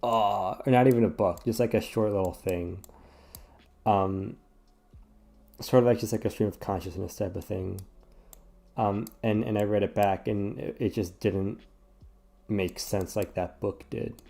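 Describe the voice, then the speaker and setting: Sleepy gamer guy, gravelly and mellow, rambles and swears through casual chat. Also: on the low side, fairly even intonation, measured pace, pauses often. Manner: rambling and self-deprecating, swears often. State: yawning, sleepy. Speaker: gaming streamer. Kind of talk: casual chat while playing a puzzle game.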